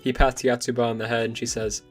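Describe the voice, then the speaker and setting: A man's voice: medium pitch, little pitch movement, quick pace, soft background music. A young man recapping and recommending a manga in a casual, enthusiastic vlog. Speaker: manga reviewer.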